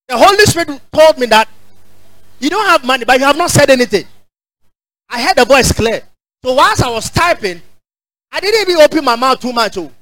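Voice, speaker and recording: Ghanaian male pastor, high voice, dry close sound, repetitive call-and-response preaching. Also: dry recording, rough recording. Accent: Ghanaian English. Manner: call-and-response preaching, repeats phrases, rises to shouts. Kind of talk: sermon.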